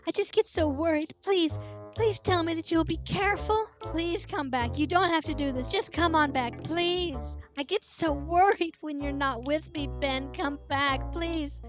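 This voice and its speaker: A woman's voice: sits high, unhurried. A woman playing a fussy, fretful lover pleading over the comm. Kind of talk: comic skit voice acting. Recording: clear music bed behind. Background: music.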